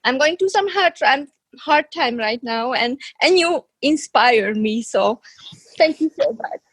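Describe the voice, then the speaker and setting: A high-voiced woman speaks haltingly over a video call, close to tears. She searches for words as she talks, and her voice sounds dry and close-miked. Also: lively intonation, husky, no echo. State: emotional, near tears. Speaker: audience member.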